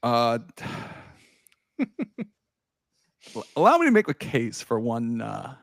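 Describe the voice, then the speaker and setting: Animated man telling a sports story. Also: takes it slowly, gravelly, no echo, studio quality. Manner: animated storytelling, swearing, laughing, shouting at highs. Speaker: podcast host. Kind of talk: casual chat.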